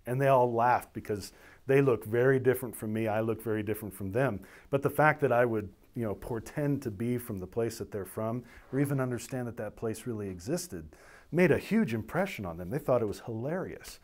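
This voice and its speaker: A middle-aged man, a military officer, recounting a personal story in an animated way, slipping into the voices of the people he describes. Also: mid-range voice, fairly quick. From United States. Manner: animated storytelling, voicing others in dialogue.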